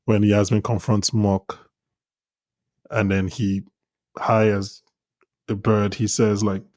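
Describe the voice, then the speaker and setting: A man's voice: on the low side, level tone, takes it slowly, a little mellow, no echo, studio quality. A man co-hosting a podcast, chatting casually about a TV episode with frequent restarts and easy laughter. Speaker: podcast co-host. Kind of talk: casual TV recap chat.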